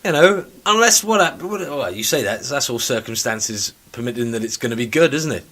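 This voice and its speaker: A man's voice: mid-range voice, animated, a little fast, fairly bright tone. Male co-host, blunt and playful, swears freely in casual chat. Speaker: podcast co-host.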